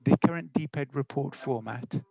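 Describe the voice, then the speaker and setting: Gravelly-voiced man giving a webinar talk. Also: mid-range voice, normal speed, mellow, dry recording, muffled recording. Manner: friendly, explanatory, with fillers and self-corrections. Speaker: teacher educator giving a webinar. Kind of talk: webinar presentation.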